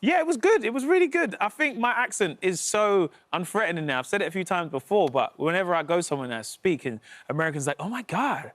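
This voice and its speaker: A man's voice: high-pitched, fast, few pauses. A man from London, a comedy guest, chatting casually and acting out voices as he tells stories. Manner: animated storyteller, acts out voices. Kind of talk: casual chat.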